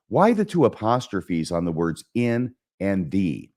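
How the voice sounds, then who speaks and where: A man with a low voice hosts a literature lesson. He explains the verse line by line with lively, animated intonation. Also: measured pace. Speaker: host.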